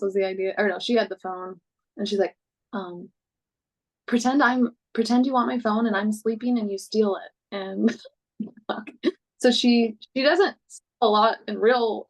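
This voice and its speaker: A woman's voice: mid-range voice, gravelly, low-quality recording. A woman, a mother of three, chatting casually on a video call and thinking aloud as she asks for advice. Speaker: parent on a coaching call. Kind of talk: casual chat.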